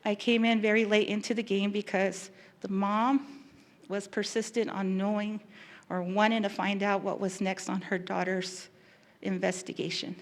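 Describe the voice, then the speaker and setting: A woman who works as a victim specialist giving an earnest, emotional talk, pausing and restarting as she goes. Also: medium pitch. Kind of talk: public talk.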